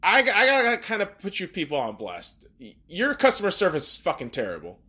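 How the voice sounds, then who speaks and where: Man, podcast host, casual monologue, blunt, profane, slightly high-pitched. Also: wildly swooping pitch, a little fast, bright, forceful tone. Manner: blunt and cursing, ranting.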